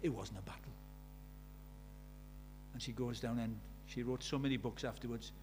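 A man's voice: mid-range voice, moderate pace, darkish tone, slight background noise. A British man preaching a sermon, telling stories with emphasis and repeating key phrases.

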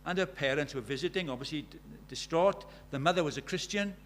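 A man's voice: fairly high pitch, quick pace, slight background noise. A man preaching a sermon in an earnest way, telling stories and asking his listeners many questions.

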